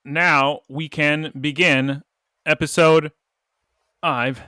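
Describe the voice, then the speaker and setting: A male podcast co-host recaps an episode in casual chat, slipping into little character voices. His medium-pitched voice is expressive, slightly bright, and at normal speed, captured in a dry, clean studio recording.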